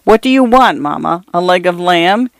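A woman's voice: fairly low pitch, expressive, normal speed, gravelly, no room sound. Woman putting on a mocking fat son. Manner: loud, teasing cries. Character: fat mocking grown son, cruel prankster.

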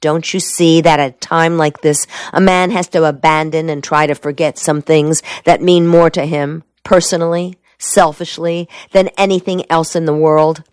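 A woman's voice: sits low, level tone, moderate pace, few pauses, smooth, dry recording, lightly acted. A woman reading the part of a determined young male soldier, speaking swiftly and clipped, in an audiobook. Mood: earnest.

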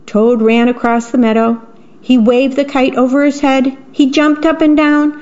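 Slow, gentle woman reading a bedtime story. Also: high-pitched, level tone. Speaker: volunteer radio reader. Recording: slightly dull radio broadcast.

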